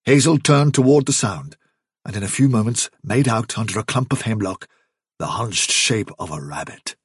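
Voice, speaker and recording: A man narrating a story in a measured, hushed way. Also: on the low side, expressive, husky, dry recording, studio quality. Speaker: audiobook narrator. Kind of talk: scripted narration.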